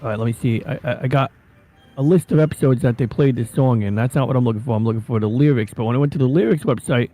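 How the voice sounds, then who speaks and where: A man chatting casually on his stream, rambling and animated, often breaking into voices. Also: mid-range voice, fast. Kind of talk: casual chat.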